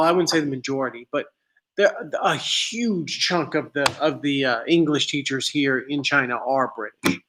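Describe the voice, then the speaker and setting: A young man from the United States chats loosely with his viewers, his voice sitting a little high for a man. He wanders through his answers with frequent fillers and restarts. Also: a bit bright. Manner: rambling, many fillers and restarts. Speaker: livestream host answering viewer questions. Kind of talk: casual live Q&A chat. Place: living in China, at home streaming.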